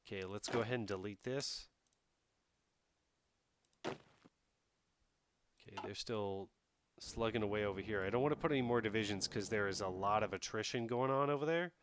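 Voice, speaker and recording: A man streams a strategy game live, thinking aloud and chatting casually with his viewers. His voice is fairly low at a moderate pace with frequent pauses, over a noisy background.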